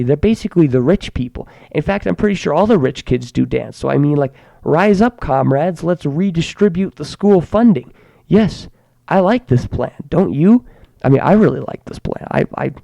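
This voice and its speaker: A man's voice: medium pitch, gravelly, mellow, no room sound. A teenage boy ranting sarcastically in a mock-grandiose way, often stammering and restarting his words. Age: teens. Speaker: student ranting to camera. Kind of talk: comedic rant monologue.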